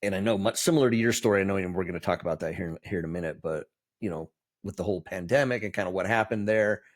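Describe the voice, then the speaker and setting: A man's voice: sits low, fast. A man hosting a podcast, asking questions and reflecting in an earnest, encouraging way. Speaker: podcast host. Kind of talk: casual interview chat.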